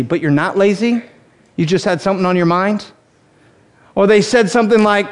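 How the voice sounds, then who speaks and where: A married man delivers a sermon in a strikingly high voice for a man. He is humorous and animated, slipping into quick acted-out quotes as he teaches. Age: adult, married. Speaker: pastor.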